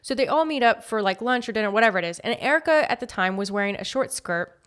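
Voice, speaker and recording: Woman co-host, somewhat high voice, sarcastic casual chatter. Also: lively intonation, quick pace, a bit bright, clean tone. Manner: chatty, sarcastic, acts out quotes. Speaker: podcast co-host. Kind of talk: casual chat.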